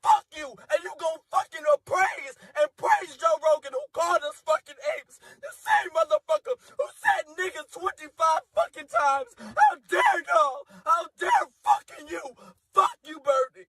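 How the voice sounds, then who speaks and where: A man's voice: very high voice, wildly swooping pitch, unhurried, pushed and bright, dry recording, poor audio. Screaming, voice-cracking furious man. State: crying, shouting. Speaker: angry voter in a viral clip. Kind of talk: furious rant into a phone.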